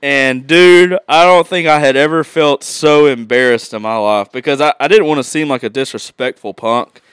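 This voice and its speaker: A man's voice: medium pitch, moderate pace, fairly bright tone, smooth, no echo, clean studio sound. Easygoing man hosting a podcast. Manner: laid-back storyteller who laughs often. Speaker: podcast host. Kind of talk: casual podcast chat.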